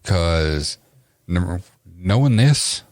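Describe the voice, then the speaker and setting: Blunt, joking man with a low voice. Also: expressive, very slow, darkish tone, no echo, clean studio sound. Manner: blunt, joking, swears casually. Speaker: podcast co-host. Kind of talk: casual chat.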